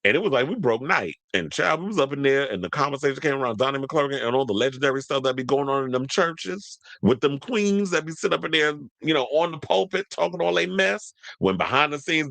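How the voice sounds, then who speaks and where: A man with talks gossip on his own channel, sassy and quick with asides. His voice swoops with lots of pitch movement. The sound is dry and close, with little room echo. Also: expressive, vocal fry, a bit bright. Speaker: commentary channel host. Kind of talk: casual gossip commentary.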